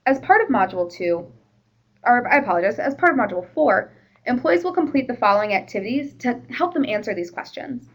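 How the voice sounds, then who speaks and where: A woman's voice: fairly high pitch, poor audio. A woman presenting a workplace training session in a conversational, explanatory way, with the odd "you know".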